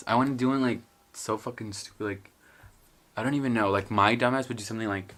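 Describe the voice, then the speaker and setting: A man's voice: on the low side, steady tone, quick pace, a bit bright. A young man from a Mexican family who grew up in the US, chatting casually in a vlog in his bedroom, rambling, swearing and mocking himself. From Mexican heritage, raised in the US. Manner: profane, self-mocking, rambling with bursts of laughter. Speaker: vlogger. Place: bedroom at home.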